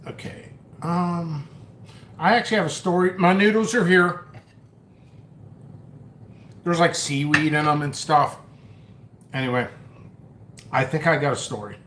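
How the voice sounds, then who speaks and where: A man with a slightly high, fairly bright voice speaks at a measured pace and pauses often, in a roomy space with a faint hiss or hum. He's hosting a live stream from home while eating noodles, rambling loosely as he reads comments and tells a story, often mocking himself and restarting sentences.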